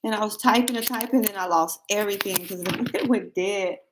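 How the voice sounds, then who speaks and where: A woman's voice: medium pitch, fairly quick, background noise. A woman in her later years, hosting a tarot livestream and chatting loosely with her viewers. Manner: chatty, rambling, laughs often, talks to viewers. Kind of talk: casual livestream chat.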